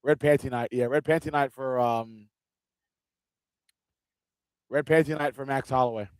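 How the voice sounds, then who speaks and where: A man's voice: medium pitch, fairly even intonation, normal speed, clean tone, dry recording. A man hosting a live fight watch-along, chatting casually and joking with loose, rambling restarts. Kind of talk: casual live-stream chat.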